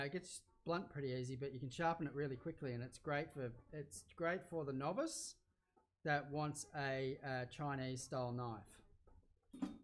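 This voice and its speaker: Chatty Australian chef, voice pitched a bit high. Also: male voice. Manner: rambling and chatty, easily excited, gets loud. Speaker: chef hosting a cooking livestream. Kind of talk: casual cooking chat livestream.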